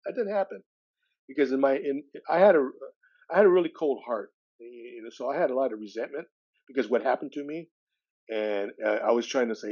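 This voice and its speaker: A man's voice: medium pitch, quick pace, dull audio. A man, a podcast guest telling a personal story with acted-out dialogue. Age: 60s. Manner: lively retelling with acted-out dialogue.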